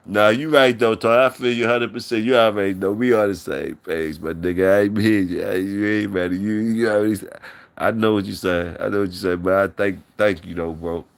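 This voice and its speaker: A man's voice: on the low side, fairly even intonation, fairly quick, creaky. A man hosting a live stream in loose, profane, repetitive banter with his chat, talking on a mic from his workplace.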